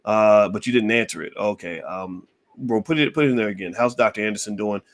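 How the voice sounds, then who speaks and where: A man with a fairly low pitch hosts a podcast, speaking a little fast as he reads out viewer questions and responds. The casual live Q&A has a relaxed, conversational feel, packed with fillers.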